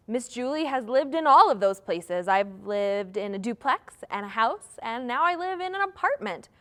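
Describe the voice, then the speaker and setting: A young woman leading a live children's story time, talking in a singsong, encouraging way to young children. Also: high voice.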